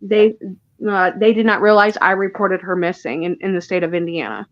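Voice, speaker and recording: A woman being interviewed about her missing daughter, speaking haltingly and often restarting her words. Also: mid-range voice, no room sound, lo-fi sound. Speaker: guest, mother of a missing child. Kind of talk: emotional interview recounting events.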